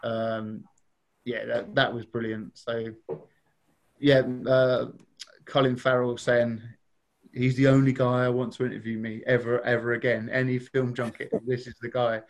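A man's voice: mid-range voice, little pitch movement, a little slow. A man, a podcast guest telling funny anecdotes in a chatty way and laughing as he goes. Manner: chatty, laughing, acts out quoted voices.

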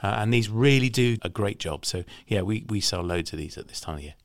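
Low-ish guy on a podcast, chatty, laughs a lot, dry close mic sound. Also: lively intonation, a little fast, dry recording. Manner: chatty, laughs often, explains products. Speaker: podcast co-host. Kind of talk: casual podcast chat.

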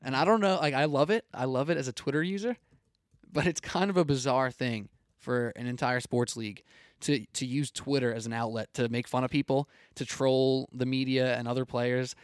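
A man's voice: mid-range voice, steady tone, moderate pace, dry recording, studio quality. A young man hosting a sports talk show, chatting casually, laughing easily and drawing out his words.

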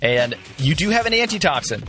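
Game master, male, patient rules explainer with an expressive voice and soft music behind. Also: a little high, a little fast. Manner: explains rules with hesitant restarts. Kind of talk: running a tabletop game.

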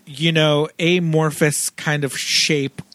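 Slow-talking man, dry close sound. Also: on the high side, little pitch movement, fairly bright tone, dry recording. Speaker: podcast co-host. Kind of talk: casual chat about a movie.

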